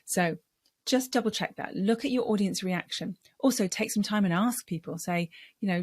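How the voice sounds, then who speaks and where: A middle-aged woman voice coach giving a lesson on speaking, explaining clearly and measuredly. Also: medium pitch, normal speed, a little mellow, no room sound.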